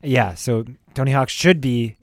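A man's voice: mid-range voice, a little slow. A man, co-hosting a podcast with goofy, self-deprecating humor. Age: 20s. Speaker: podcast co-host. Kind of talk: casual chat.

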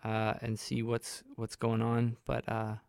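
A man's voice: mid-range voice, monotone, unhurried, creaky, a little mellow, clear, resonant tone, no room sound, clean studio sound. A young man hosting a college radio show, chatting casually in a rambling, self-deprecating way with many fillers. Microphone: studio microphone.

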